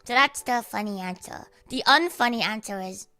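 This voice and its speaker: A woman's voice: on the high side, moderate pace, sharp tone, no echo, soft background music. A young Australian woman livestreaming, chatting casually and swearing constantly, with a cute anime-like voice. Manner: sweary, rambling, laughs often.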